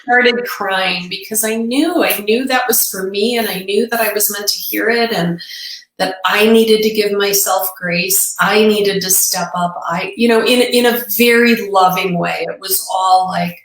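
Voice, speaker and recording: A woman guest on a podcast, telling a personal story in an earnest, reflective way with halting restarts. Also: medium pitch, fairly even intonation, a bit bright. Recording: echoey room.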